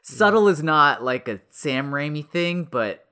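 A man's voice: a little high, animated, unhurried, pushed and bright, smooth. A man co-hosting a podcast who talks about a film with enthusiasm, often searching for words. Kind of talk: casual film discussion.

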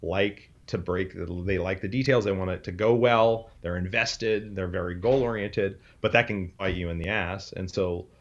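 A man's voice: sits low, steady tone, moderate pace, hardly any pauses, highs cut off. A man talking casually on a podcast, explaining dog training emphatically and often checking in with "right?".

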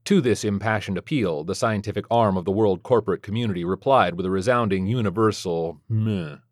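A man narrates a scripted first-person story with sardonic, dry wit. His voice sits fairly low. The recording is close and completely dry, with no room sound. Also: fairly quick, no echo.

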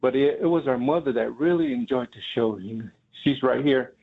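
A man's voice: medium pitch, a little fast, breathy edge. A man, a comedian guest, telling stories on a call-in show with plenty of hesitant ums. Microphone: telephone. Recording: phone line.

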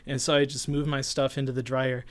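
A man in his twenties casually telling a personal story, animated and acting out the people in it. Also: medium pitch, fairly quick, dry recording. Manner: animated, voices others in retelling. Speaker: storyteller guest.

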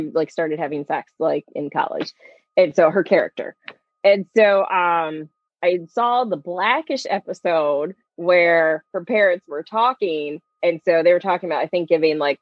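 A woman's voice: lowish voice, dry recording, highs cut off. A woman chatting casually on a podcast, retelling stories with lots of "like" and acted-out quotes. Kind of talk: casual chat.

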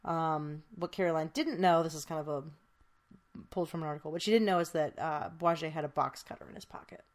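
A woman's voice: low-pitched, fairly even intonation, fast talker. A woman podcast host telling a true crime case in casual, chatty storytelling, with many fillers.

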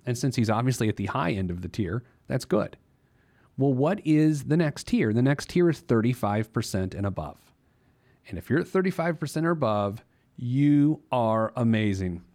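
A man's voice: mid-range voice, very animated, normal speed, a little mellow. Playful man hosting a money podcast. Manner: playful, jokey, laughs at himself. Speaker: podcast host giving money advice. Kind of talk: casual monologue.

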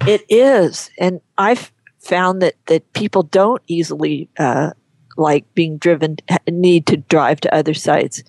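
A woman guest on an interview show, talking frankly and chattily, often pausing and restarting her sentences. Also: low voice, a little mellow, no echo. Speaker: guest, horse photographer. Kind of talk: casual interview chat.

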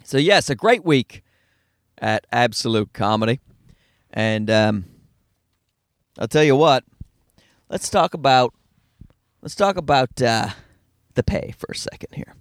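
A middle-aged man with a Newfoundland accent, a stand-up comedian talking fast and profanely in a rambling, self-deprecating monologue from his car. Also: medium pitch, expressive, dry recording, clean studio sound. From Newfoundland, Canada. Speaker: stand-up comedian, podcast host.

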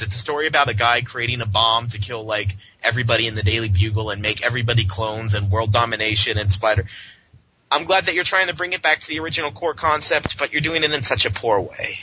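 A man co-hosting a podcast, ranting sarcastically and mockingly in a casual comic book discussion. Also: medium pitch. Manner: sarcastic, mocking, animated rants. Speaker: podcast co-host. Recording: dull lo-fi with faint hiss.

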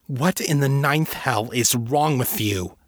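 A man voicing an angry, protective mother who speaks in a sharp, cutting, defiant way in a fantasy audiobook. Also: medium pitch, takes it slowly, no room sound, studio quality, voice pushed up. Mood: furious. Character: fierce protective mother, furious woman. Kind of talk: audiobook character reading.

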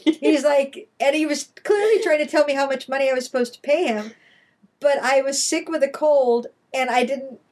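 A woman's voice: high-pitched, moderate pace, a little mellow. A woman co-hosting a casual podcast chat, telling a rambling story and laughing often. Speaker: podcast co-host.

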